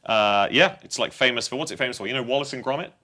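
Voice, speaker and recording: A man's voice: medium pitch, quick pace, pushed and bright. A man from England with a posh English accent, chatting casually and joking as a guest musician. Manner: chatty, jokey, laughs often. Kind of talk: casual chat.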